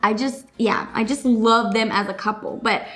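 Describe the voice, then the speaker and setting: A woman's voice: a little high, fairly even intonation, a bit bright. A young woman hosting a casual reaction recap, gushing and rambling with lots of fillers. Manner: gushing, rapid, full of fillers like "like" and "you know". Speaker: YouTube reaction host.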